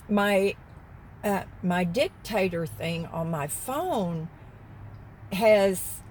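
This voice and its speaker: A woman's voice: mid-range voice, darkish tone, a little hiss or hum, poor audio. A woman vlogger rambling casually from her parked car and getting sidetracked mid-story. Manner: chatty, wandering, easily sidetracked. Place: parked car in a parking lot.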